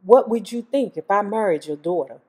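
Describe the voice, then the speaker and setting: A woman's voice: medium pitch, expressive, brisk, darkish tone, husky. A woman reading as a flirtatious grown man.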